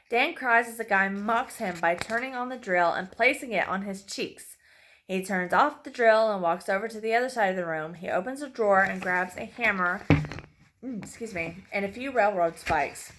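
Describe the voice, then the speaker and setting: A woman reading a dark horror story aloud in a plain, mid-pitched voice. She narrates steadily, now and then stumbling over a word and apologizing before going on. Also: animated, moderate pace. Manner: reads with occasional slips and apologies.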